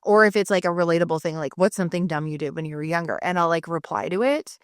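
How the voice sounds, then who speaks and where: She talks fast in a lowish voice: a thirtysomething mother co-hosting a chatty podcast. Her stories are animated, peppered with swearing and acted-out quotes, and the studio sound is clean without any room tone.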